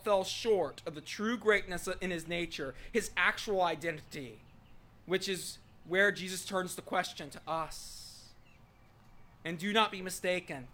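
A man preaching a sermon, his voice pitched high for a man. He reads scripture aloud, then talks it through with his listeners, rising to loud proclamation and dropping to soft, searching questions. The tone stays bright and forward throughout.

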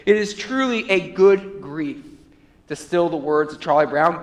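A man preaching a sermon as pastor, moving between hushed, low passages and loud, rising appeals. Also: normal speed. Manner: preaching with wide swings between quiet, low passages and loud, high climaxes. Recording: long reverb of a hall.

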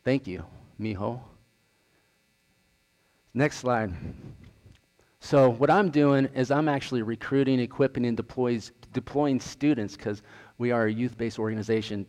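A man's voice: medium pitch, a little mellow. A man, an outreach director, gives an earnest slide presentation, telling stories and retelling conversations. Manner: earnest, storytelling, retells dialogue. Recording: long hall reverb.

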